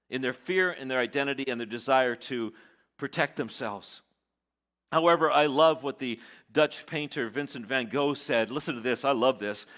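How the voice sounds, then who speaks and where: A man's voice: a little high, fairly bright tone. A man preaching a sermon as pastor, dramatically acting out quoted lines of self-doubt.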